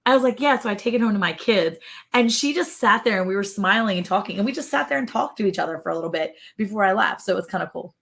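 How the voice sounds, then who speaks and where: Sleepy, chatty woman with a gravelly voice. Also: medium pitch, fast talker, a bit bright. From Texas. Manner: chatty, laughs often, yawning and sleepy. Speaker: co-host of a ranch livestream. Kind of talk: casual live-stream chat.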